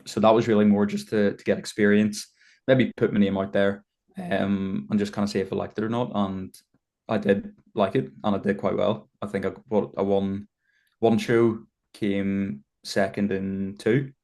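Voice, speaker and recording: Young Northern Irish man, podcast guest, rambling casual chat with a lowish voice. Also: normal speed. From Northern Ireland. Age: 20s. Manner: relaxed, rambling with fillers. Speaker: guest, bodybuilder.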